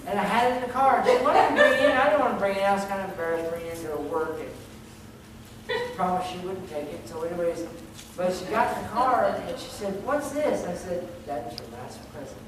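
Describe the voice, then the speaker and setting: A man's voice: sits high, fast talker. A middle-aged man, a pastor, telling rambling, laughing anecdotes during a sermon. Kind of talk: sermon storytelling. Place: church sanctuary. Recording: very echoey, distant mic, noisy.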